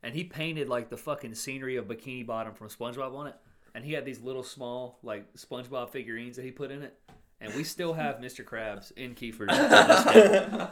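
A man's voice: mid-range voice, fairly quick, fairly bright tone. Young man chatting loosely on a podcast. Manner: rambling, lots of "like" fillers. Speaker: podcast co-host. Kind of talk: casual chat.

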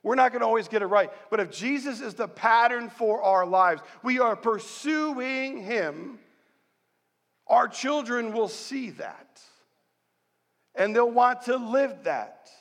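Middle-aged male pastor, high voice, lively storyteller, preaching in a big echoing church hall. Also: takes it slowly. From central New York, USA. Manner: animated storytelling, rallying the congregation. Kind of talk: sermon. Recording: long hall reverb.

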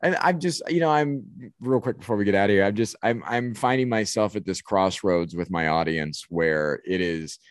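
A man who is a comedian, a guest on a podcast, talking in a relaxed, plain-spoken way. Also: on the low side, normal speed, hardly any pauses, no room sound, clean studio sound. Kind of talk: casual chat.

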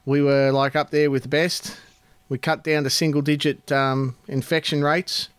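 A man's voice: fairly high pitch, little pitch movement, moderate pace, smooth, no echo. An Australian man co-hosting a casual live chat, reading out viewer comments with dry, sweary banter. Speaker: co-host.

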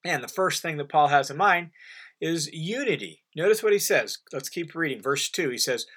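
A man explains scripture verse by verse in a recorded teaching lesson. His voice sits a little high and sounds bright and forceful. He stays earnest and emphatic, with casual asides to the listener. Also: animated, moderate pace, breathy edge. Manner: conversational asides and fillers. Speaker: Bible teacher. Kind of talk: recorded Bible commentary lesson.

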